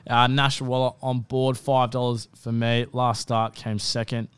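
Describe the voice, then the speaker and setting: A man's voice: medium pitch, level tone, a little slow, smooth, dry recording. A man with an Australian accent co-hosting a podcast, rambling through his horse racing picks with lots of ums and self-corrections. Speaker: podcast co-host tipping races. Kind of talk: casual racing tips chat.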